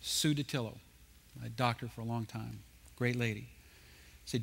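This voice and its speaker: A man speaking at a conference, telling animated anecdotes with jokes. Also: mid-range voice, moderate pace, creaky, breathy edge. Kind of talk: storytelling talk. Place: conference stage.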